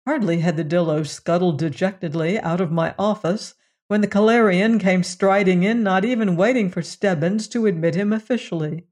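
An audiobook narrator giving a measured first-person reading of a story. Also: medium pitch, darkish tone.

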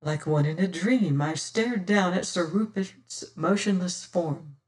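A dramatic first-person audiobook narrator with a mid-pitched voice. The reading swells loud on exclamations and goes hushed in quiet passages. The voice sits back from a distant mic. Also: unhurried.

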